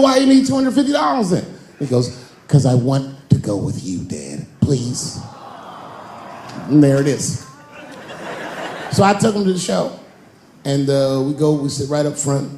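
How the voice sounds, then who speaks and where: A man in his forties performing a stand-up comedy set on stage, telling a long story and jumping into high-pitched voices for the characters. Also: expressive, moderate pace, darkish tone, a little hiss or hum. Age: 40s. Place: large theater stage with a live audience.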